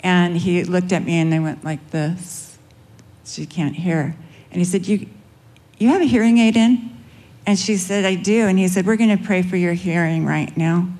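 A woman with a Californian drawl, her voice sitting a little low as she recounts a personal testimony as an interview guest. She tells it slowly and softly, voicing the people in her story. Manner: slow, soft storytelling, quotes dialogue.

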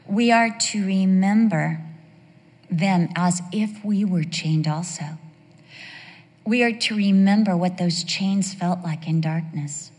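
A woman preaching a sermon, emphatic, slowing down on key phrases and breaking into playful asides. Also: on the low side, darkish tone, big-room sound.

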